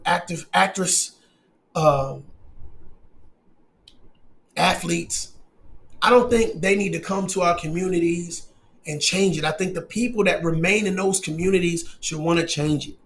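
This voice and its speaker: A man hosting his own commentary channel, talking emphatically and preachily with frequent profanity. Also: high-pitched. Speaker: channel host. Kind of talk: casual commentary.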